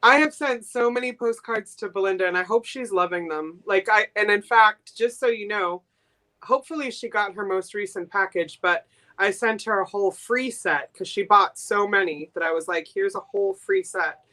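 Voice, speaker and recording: This Boston woman speaks at a medium pitch with a sharp tone. As a guest seller on a live-stream sale, she keeps things chatty and enthusiastic, with quick giggles along the way.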